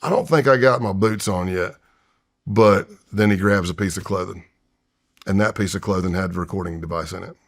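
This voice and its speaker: A man's voice: low voice, a little fast. A man in his fifties, a retired undercover agent, telling a tense story in an interview and acting out his own past voice and whispers. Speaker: retired FBI undercover agent, podcast guest. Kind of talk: storytelling in a long-form interview.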